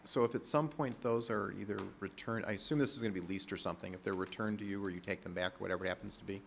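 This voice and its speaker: Gravelly man chairing a meeting. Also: on the low side, fairly even intonation, very fast, a little hiss or hum. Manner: procedural, careful phrasing. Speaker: commission chair. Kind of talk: public meeting.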